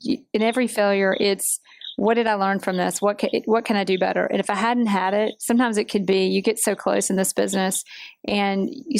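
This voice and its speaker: A woman's voice: mid-range voice, vocal fry, no echo. A woman hosting an interview show, asking questions and affirming her guest in a casual, encouraging way. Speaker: host.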